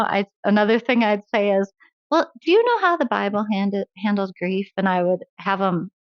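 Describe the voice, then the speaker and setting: Earnest woman guest, mid-pitched, dry and dull lo-fi recording, laughs easily. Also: animated, moderate pace, no room sound. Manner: earnest, laughs often while telling stories. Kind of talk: faith-based interview conversation.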